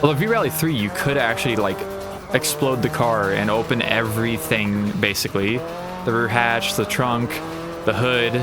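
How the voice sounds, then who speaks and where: A man's voice: mid-range voice, moderate pace. Man rambling over racing game music. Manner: rambling, thinking aloud, wry asides. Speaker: gaming channel host. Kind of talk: casual game playthrough commentary. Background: racing game sounds and music.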